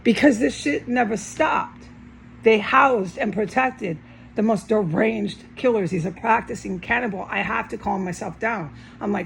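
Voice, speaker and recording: A woman rants into her camera from indoors, agitated and swearing hard. Her voice carries a rough, gravelly fry, pitched in an ordinary middle range. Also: a little slow, a little hiss or hum, poor audio. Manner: agitated, ranting, heavy swearing. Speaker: vlogger. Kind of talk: angry rambling monologue to camera. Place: indoors at home.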